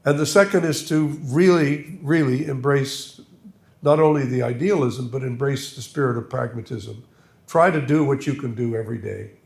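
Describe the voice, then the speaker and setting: A man's voice: medium pitch, moderate pace, vocal fry, darkish tone. An older man giving a public lecture, reflective and anecdotal, with self-deprecating humor. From Canada. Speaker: guest lecturer. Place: lecture hall. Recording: echoey lecture hall.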